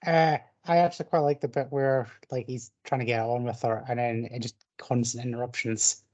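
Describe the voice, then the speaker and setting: A man co-hosting a casual podcast chat, chatty and quick to agree. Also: medium pitch, fairly even intonation, a little mellow, muffled recording. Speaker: podcast co-host.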